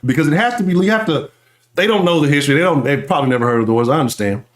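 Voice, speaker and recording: A man with a Houston accent hosting a live sports talk stream, ranting loudly and profanely while reading the chat. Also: on the high side, rapid-fire, roomy sound. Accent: Houston Texas. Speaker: sports talk show host.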